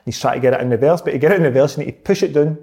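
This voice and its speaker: Talking rapid-fire in a voice on the high side, a man with a Scottish accent shares a story in casual chat. He's animated, laughs often, and acts out what people said.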